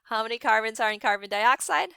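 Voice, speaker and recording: Young woman teacher, bright crisp voice, upbeat and encouraging, dry close sound, online class. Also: fairly high pitch, no room sound. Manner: upbeat, encouraging, brisk calling out of student names. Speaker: science teacher.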